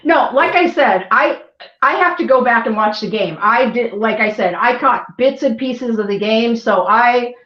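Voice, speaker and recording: A woman's voice: a little high, lively intonation, unhurried. A woman co-hosting a casual sports chat, ranting bluntly and swearing freely. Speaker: podcast co-host. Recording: echoey, dull, lo-fi sound.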